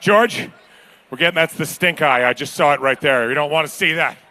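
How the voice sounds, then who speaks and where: A man's voice: on the high side, a little fast, bright, forceful tone. A man calling bids at a live charity auction, joking with the crowd. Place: large banquet hall at a gala.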